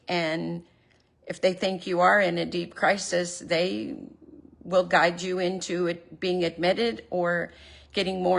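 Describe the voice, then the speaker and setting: Low, slow-talking woman with a gravelly voice. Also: a bit bright. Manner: earnest, openly emotional. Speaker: vlogger. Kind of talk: personal confessional vlog. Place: at home, in her living room.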